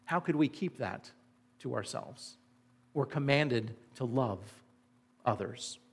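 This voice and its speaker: A man's voice: mid-range voice, lively intonation, slow, gravelly, breathy edge. Man, pastor, sermon, earnest, emphatic, rhetorical questions. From Indiana.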